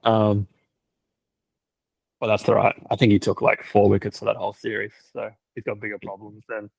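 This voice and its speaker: A young man chatting casually, telling stories loaded with "like" fillers and quick laughs. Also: on the low side, flat delivery, creaky, husky, no echo, rough recording. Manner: storytelling, lots of "like" fillers, laughs often. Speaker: cricket team videographer. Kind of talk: casual podcast chat.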